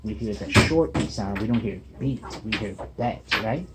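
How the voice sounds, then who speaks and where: A man's voice: fairly low pitch, animated, fairly quick. Guy tutoring one kid on syllables, keeps saying okay and right, hissy noisy classroom recording. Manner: patient, checks in with "okay?" and "right?". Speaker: student teacher. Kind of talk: one-on-one reading lesson. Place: table at the back of a busy classroom. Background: classroom chatter.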